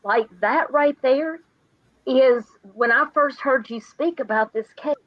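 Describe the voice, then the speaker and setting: A woman interviewer, a mother herself, speaking earnestly and sympathetically, slow and deliberate. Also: sits high, no echo. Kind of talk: emotional conversational interview. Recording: dull dry lo-fi sound.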